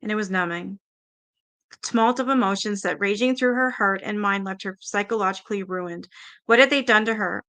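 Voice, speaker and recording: A woman's voice: mid-range voice, brisk, fairly bright tone. A woman reading a book aloud in a casual way, stumbling over words and stopping to react and swear.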